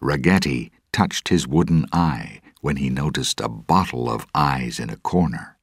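A man narrates a storybook at a steady, deliberate pace in an extremely deep, slow, husky voice. The recording is dry and close, with no room sound.

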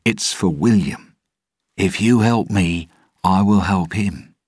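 A man voicing a nervous male pirate captain who forces a cheerful, louder tone. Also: low voice, slow pace, husky, dry recording, studio quality, voice pushed up, exaggerated voice. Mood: persuasive. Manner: louder, raised, bright delivery. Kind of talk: audiobook storytelling.

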